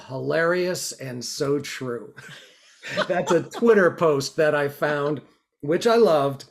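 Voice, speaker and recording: A man's voice: fairly high pitch, slow, creaky. A man hosting an interview show, talking in an earnest, reflective way with frequent restarts. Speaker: podcast host. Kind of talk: casual interview chat. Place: New York.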